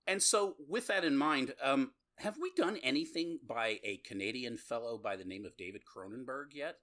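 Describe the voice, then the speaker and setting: A man co-hosting a podcast chats casually in an animated, mid-range voice with a bit of brightness. He talks at a moderate pace, rambling and laughing often.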